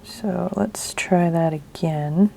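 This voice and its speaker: A woman's voice: fairly low pitch, takes it slowly, creaky, dark tone, a little hiss or hum. A woman hosting a craft video, chatting casually and thinking aloud as she works, often half-whispering and mumbling to herself. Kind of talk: casual narration while crafting.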